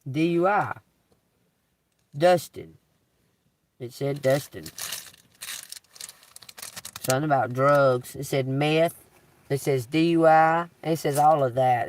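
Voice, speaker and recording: Slow, creaky man musing aloud. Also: medium pitch, recorded from a distance. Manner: slow, musing, spells out letters, swears casually. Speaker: psychic reader live-streaming. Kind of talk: live-stream reading of letter signs. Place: inside a parked car.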